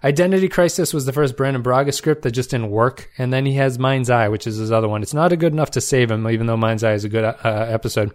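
A man's voice: medium pitch, fast, few pauses, a little mellow. Casual man reviewing episodes. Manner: conversational, frequent fillers and restarts. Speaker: podcast host. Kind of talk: casual solo review podcast.

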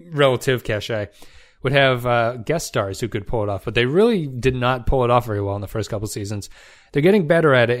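A man hosting a solo review podcast, talking in a loose conversational way with frequent fillers and restarts. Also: medium pitch. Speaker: podcast host.

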